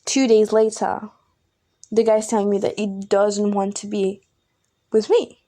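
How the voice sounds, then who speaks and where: A woman's voice: mid-range voice, flat delivery, unhurried, dark tone. A young woman hosting a podcast, telling a personal breakup story in a candid, exasperated way and swearing freely. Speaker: podcast host.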